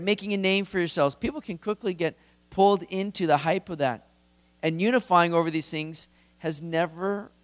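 A man preaching a sermon in an earnest manner, rising to emphatic peaks and dropping low and quiet.

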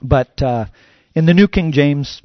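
A man's voice: fairly high pitch, measured pace, no echo, lo-fi sound. A man preaching a sermon as a pastor, conversational and full of "you know" fillers.

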